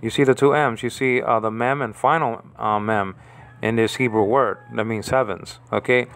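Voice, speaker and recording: A man walks through Hebrew letters in an informal lesson, restarting his sentences and asking "okay?" over and over. His voice is smooth and clear at a middling pitch. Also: steady tone, fairly bright tone. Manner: halting, repeats words, checks in with "okay?". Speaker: Bible language teacher.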